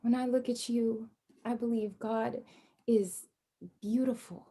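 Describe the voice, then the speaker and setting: A woman playing a tender young mother in a stage play, speaking softly and achingly. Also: a little high, little pitch movement, slow pace, breathy edge.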